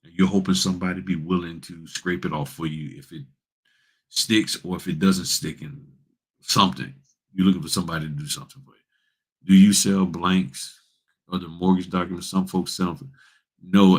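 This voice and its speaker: A man's voice: deep voice, fairly even intonation, normal speed, slightly rough. A man hosting a casual livestream, giving blunt, folksy advice and addressing viewers as y'all. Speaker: notary public and livestream host.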